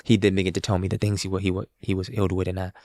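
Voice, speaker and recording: A young man from New Orleans, a guest musician, telling a story in a casual, animated way. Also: deep voice, rapid-fire, no echo, studio quality. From New Orleans, USA. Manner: animated, acts out quoted voices.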